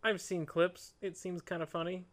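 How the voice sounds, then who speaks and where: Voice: medium pitch, level tone, moderate pace. A podcast co-host in casual chat with a dry, joking delivery.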